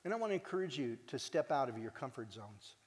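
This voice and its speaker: A man giving a heartfelt conference talk as the organization's director, earnest and animated, joking with the audience now and then. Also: medium pitch, fast. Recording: long hall reverb.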